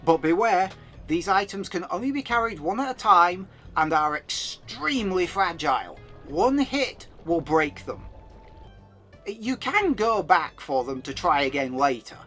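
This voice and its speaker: A man's voice: high voice, sing-song, unhurried, pushed and bright. A man narrating a video game review in a scripted voice-over, with wry, chatty asides. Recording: voice-over with faint game music.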